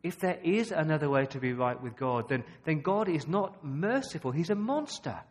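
An Australian man preaching a sermon, emphatic and full of rhetorical questions, with dramatic pauses. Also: on the high side, lively intonation.

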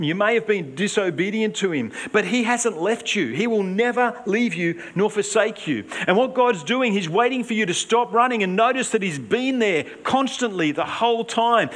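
A man preaching a sermon in an earnest, emphatic way, swinging between raised urgency and hushed emphasis. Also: high-pitched.

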